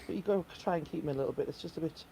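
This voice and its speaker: A woman's voice: sits low, racing, vocal fry, warm tone, slight background noise. A middle-aged woman co-hosting a casual home live stream, chatting and teasing in easy banter. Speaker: co-host.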